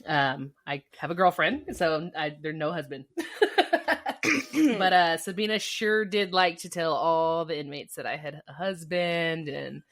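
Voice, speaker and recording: A woman's voice: low-pitched, fairly even intonation, unhurried, fairly bright tone. A woman co-hosting a podcast in casual chat, chatty and laughing a lot. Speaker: podcast co-host.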